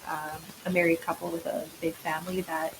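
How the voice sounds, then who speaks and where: A woman's voice: sits low, a little fast, low-quality recording. A woman from Vancouver Island, a kayak angler telling fishing stories in a casual interview chat. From Vancouver Island, Canada. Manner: lively storyteller, acts out her own reactions. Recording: faint hiss.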